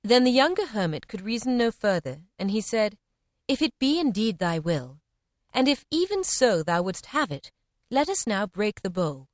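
Expressive woman reading old parables. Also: dry recording, studio quality. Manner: measured, expressive reading with varied pitch. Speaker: reader. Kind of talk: scripted narration of parables.

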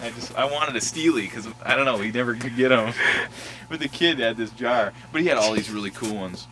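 A man's voice: mid-range voice, brisk, fairly bright tone, a little hiss or hum, low-quality recording. A man casually telling childhood stories outdoors at a schoolyard, acting out voices and sound effects and laughing often. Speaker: storyteller revisiting his old school. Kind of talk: casual reminiscing.

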